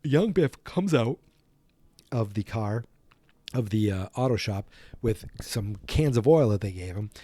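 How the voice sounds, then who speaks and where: A man's voice: lowish voice, animated, measured pace, dark tone, no echo. A man hosting a podcast, retelling a film from memory in a rambling, self-correcting way and yawning as he goes. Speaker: podcast host.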